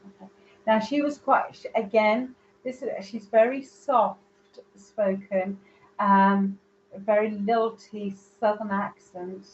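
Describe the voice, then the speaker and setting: Rambling woman medium on a live stream, a little muffled, soft background hum. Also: mid-range voice, fairly even intonation, takes it slowly. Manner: chatty, rambling, searching for words. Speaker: psychic medium. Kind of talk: live online reading.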